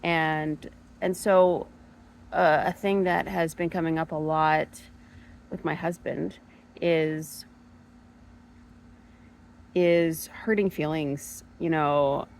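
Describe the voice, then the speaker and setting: Woman in her thirties, low-pitched, hesitant, musing to camera, faint noise floor. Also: gravelly, poor audio. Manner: thoughtful, hesitant, many fillers and restarts. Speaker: spiritual podcast host. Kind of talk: reflective personal monologue.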